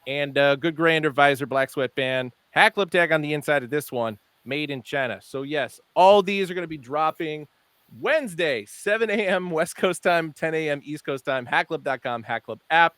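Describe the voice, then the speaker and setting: A man's voice: fairly high pitch, normal speed, fairly bright tone, smooth, no room sound. A man co-hosting a casual podcast, reading off product details with lots of fillers. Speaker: podcast co-host presenting hat releases.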